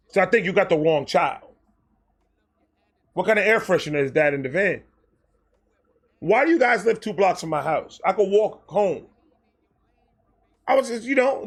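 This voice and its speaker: High-voiced man telling a comic story. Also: moderate pace, long pauses. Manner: animated, profane, acts out quotes. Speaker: storytelling host. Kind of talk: comedic storytime monologue.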